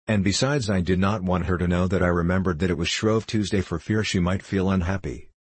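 A man narrating an audiobook in a measured, steady reading voice. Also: sits low, husky, no room sound.

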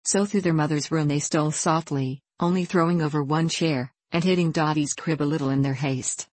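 A woman narrating a children's storybook in a gentle, even reading voice. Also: deep voice, a little fast, dry recording.

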